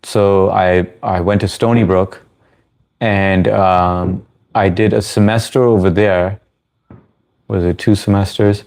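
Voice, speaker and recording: A man in his thirties with a deep, low-pitched voice hosts a casual livestream. He answers chat questions in a loose, friendly, rambling way, often restarting his sentences. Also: steady tone, takes it slowly, darkish tone. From United States. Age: 30s. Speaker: livestream host.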